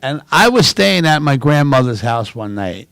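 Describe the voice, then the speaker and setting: A man from New City, co-hosting a casual chat and telling lively family stories. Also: mid-range voice, moderate pace, dry recording. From New York City. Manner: animated, loud storyteller. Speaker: co-host.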